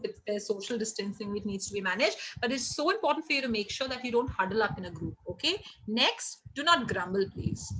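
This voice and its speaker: A middle-aged woman with an Indian English accent runs a live online hospitality training, reading out the chat with energy and encouragement. Her voice sits on the high side. Captured over a video call, the rough recording has a little hiss or hum.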